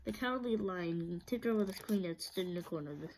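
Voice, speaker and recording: A woman reading a children's book aloud, steady but often stumbling and restarting. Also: fairly low pitch, fairly quick, slight background noise, rough recording. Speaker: storyteller.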